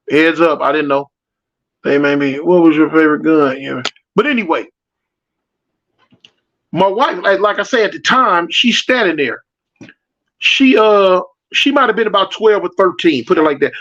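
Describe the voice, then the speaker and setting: A man tells a street story in loose, slangy talk and acts out the voices of the people in it. His voice sits high for a man. The recording sounds muffled and lo-fi. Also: animated, normal speed, a bit bright. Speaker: storyteller answering live chat. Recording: dull lo-fi audio.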